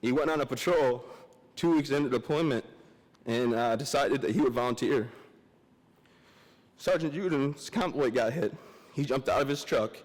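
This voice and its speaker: Emotional young soldier speaking in a hall. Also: male voice, medium pitch, a little mellow. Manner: joking, self-deprecating, halting. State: emotional, teary. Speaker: guest speaker. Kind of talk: memorial day speech. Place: large memorial hall. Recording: long hall reverb.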